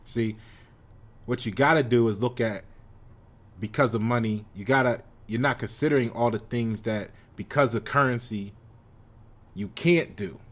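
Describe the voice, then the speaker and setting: A man's voice: medium pitch, normal speed, long pauses, fairly bright tone. An American man delivering a confrontational lecture on his channel, repeating himself as he drives his points home. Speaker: channel host. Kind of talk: monologue commentary.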